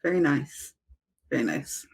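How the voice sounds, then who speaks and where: A woman co-hosting a podcast, tossing in short, dry, wry reactions. Her voice is low, husky and gravelly, and she drawls each word slowly. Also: lively intonation. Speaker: podcast co-host. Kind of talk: casual podcast banter.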